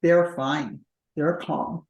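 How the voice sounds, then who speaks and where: A woman's voice: low voice, steady tone, extremely slow, a little mellow, muffled recording. A woman couples therapist explaining patterns in a conversational interview, often acting out what partners say. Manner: acts out partners' voices in quoted dialogue. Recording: roomy echo.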